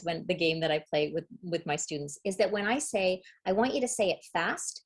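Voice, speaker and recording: Middle-aged Canadian woman, reading educator, lively demonstrative webinar delivery, carefully enunciated. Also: mid-range voice. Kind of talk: webinar presentation.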